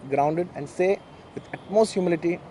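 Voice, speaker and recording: A man's voice: high voice, normal speed, mellow, slight background noise. A man with an Indian English accent, a native Telugu speaker, giving an emotional, earnest statement at a press conference as a film actor, often repeating himself.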